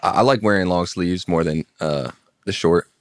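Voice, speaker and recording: Deep, laid-back man chatting. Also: moderate pace, no echo, studio quality. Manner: laid-back, hesitant, many fillers. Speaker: podcast guest. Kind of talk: casual chat.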